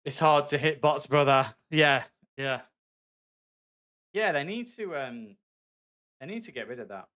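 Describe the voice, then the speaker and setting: A man's voice: on the high side, expressive, measured pace, pauses often, a bit bright. Male streamer, Black Country accent, friendly and chatty, casual live-stream delivery. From West Midlands, England. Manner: chatty, friendly, calls viewers mate. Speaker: game streamer. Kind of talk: casual live-stream chat while gaming.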